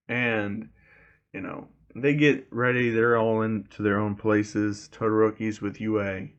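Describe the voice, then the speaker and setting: A man's voice: lowish voice, level tone, a little slow, muffled recording. A man casually retelling a fan story, rambling with lots of "you know" fillers.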